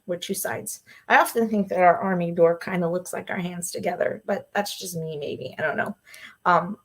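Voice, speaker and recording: A woman hosting a solo livestream show, talking casually and excitedly with frequent laughs and fillers. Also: medium pitch. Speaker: podcast host.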